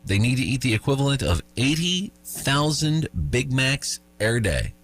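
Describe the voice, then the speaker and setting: A man's voice: mid-range voice, very animated, moderate pace, a bit bright, soft background music. A man in his fifties hosting a radio show, reading news items with jokes and chuckling at his own lines. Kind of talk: morning radio chat and news.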